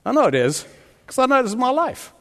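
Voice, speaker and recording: A man's voice: extremely high pitch, very animated, quick pace, a bit bright. An older man preaching a sermon as pastor, emphatic and drawing responses from the congregation. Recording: long reverb of a large hall.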